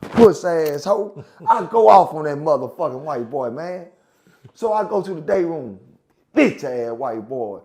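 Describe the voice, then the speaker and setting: A man telling profane, animated prison stories in casual chat, repeating phrases for effect. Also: on the high side, moderate pace, vocal fry. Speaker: guest storyteller.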